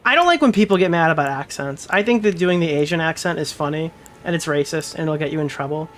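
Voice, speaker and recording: A man casually commentating on his livestream, rambling excitably with lots of swearing. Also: a little high, fast.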